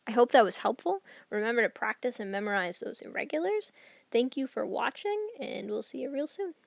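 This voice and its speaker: A woman teaching a recorded Spanish grammar lesson, explaining each rule clearly and reading example sentences aloud. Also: fairly high pitch, expressive, brisk, no room sound.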